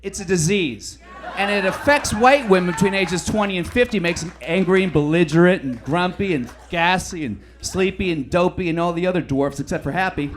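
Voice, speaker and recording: A brash male stand-up comedian with a fairly high voice delivers crude material. He swings from loud, punchy bursts to low, throwaway mutters. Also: a little fast, a little hiss or hum. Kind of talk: stand-up routine.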